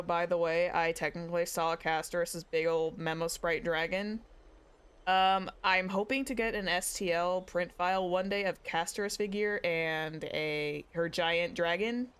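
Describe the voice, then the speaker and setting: A woman's voice: on the low side, steady tone, moderate pace, fairly bright tone, smooth. A young woman streaming a game, chatting in a rambling way and correcting herself often. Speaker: VTuber streamer. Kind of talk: live game stream commentary.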